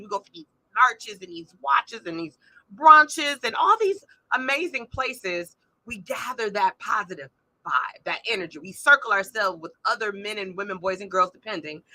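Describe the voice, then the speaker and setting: A middle-aged woman hosting a live-streamed motivational talk from a small room at home, animated and speaking straight to her audience with frequent asides. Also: medium pitch, dry recording. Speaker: podcast host. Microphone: phone or camera on a tripod.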